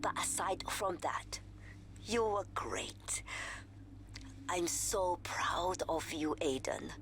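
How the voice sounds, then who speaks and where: A doting mum in a racing game, speaking slowly and fondly in a fairly low voice. She sounds warm toward her son and gives him motherly advice. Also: in a whisper. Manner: fond and motherly, calls him love.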